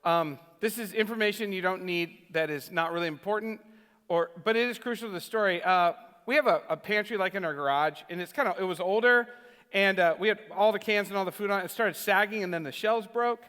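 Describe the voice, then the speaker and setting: Bright-voiced pastor in an echoing hall. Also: male voice, sits high, a little fast, clean tone. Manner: chatty, self-deprecating, frequent restarts. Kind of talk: conversational sermon storytelling. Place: church sanctuary. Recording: reverberant church hall.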